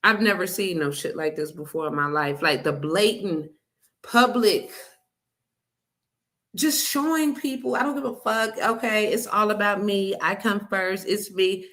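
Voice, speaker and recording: A woman's voice: medium pitch, unhurried, fairly bright tone. A woman giving reaction commentary, outraged and emphatic, cussing.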